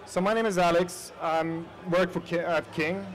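A man's voice: sits high, fairly even intonation, normal speed, low-quality recording. A man from Sweden with a Swedish accent, giving a chatty conference presentation and talking straight to the audience with plenty of fillers. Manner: chatty, addresses the audience directly with frequent fillers. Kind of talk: casual conference talk. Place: conference hall.

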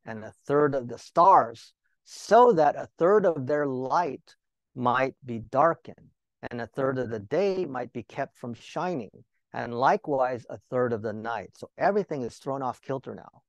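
A man's voice: medium pitch, no room sound. A male Bible teacher giving a sermon, talking to the listeners with rhetorical questions and joking asides.

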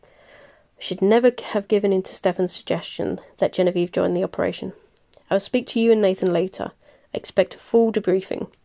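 A woman voicing a powerful, controlled male vampire master, in a slow, measured storybook reading. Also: medium pitch, steady tone, creaky, warm tone, natural voice. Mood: cold.

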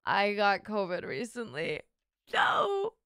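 A woman's voice: on the high side, lively intonation, normal speed, fairly bright tone, smooth, no room sound, clean studio sound. A young woman streamer with a sick, sore throat, chatting playfully with her viewers and swearing freely. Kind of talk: casual live-stream chat with viewers.

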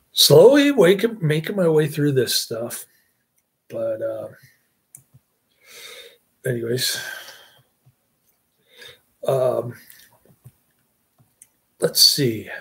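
A man's voice: mid-range voice, extremely slow, vocal fry, pauses often, breathy edge. A middle-aged man hosting a casual movie review chat, rambling with fillers and chuckles.

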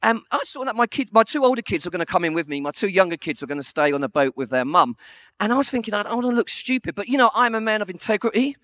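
Animated man preaching a funny story. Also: high-pitched, quick pace, dry recording. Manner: animated, self-deprecating storytelling. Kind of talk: humorous storytelling sermon.

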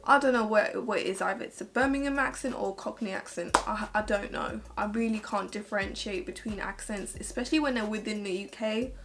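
A woman's voice: mid-range voice, fairly quick, few pauses, heavy background noise. A woman beauty vlogger chatting casually to camera as she reviews makeup, gushing, with lots of "like"s. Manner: chatty and gushing, many filler "like"s.

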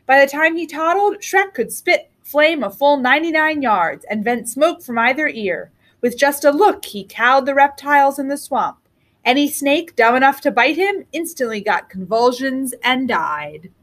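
Expressive woman reading a storybook aloud. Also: high voice, normal speed. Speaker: teacher. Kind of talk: reading a picture book aloud.

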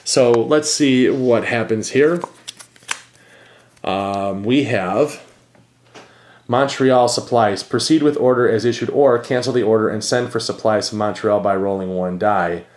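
A man's voice: lowish voice, measured pace, darkish tone. A man hosting a board game channel, thinking aloud with many fillers and reading cards as he plays a solo game.

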